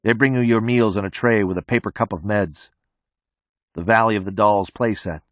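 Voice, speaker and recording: A man narrating an audiobook in the first person, with a flat, detached delivery. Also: on the low side, moderate pace, no echo, clean studio sound.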